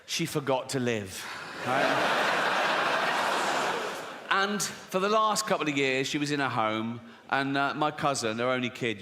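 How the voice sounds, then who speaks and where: A man's voice: medium pitch, sharp tone. A man doing a stand-up comedy routine, brash and profane, ranting with mock outrage. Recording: live venue reverb with audience noise.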